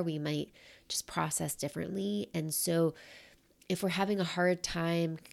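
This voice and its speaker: A middle-aged woman giving a reflective talk on self-compassion, speaking softly and sometimes sinking into a whisper. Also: fairly low pitch, creaky. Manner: soft and unhurried, at times dropping to a whisper.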